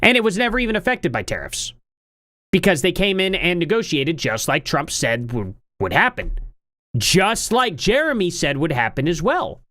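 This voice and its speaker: A woman's voice: lowish voice, big pitch swings, normal speed, fairly bright tone, no room sound. A woman streamer giving casual, sarcastic commentary on a clip, full of rhetorical questions. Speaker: streamer reacting to a debate clip.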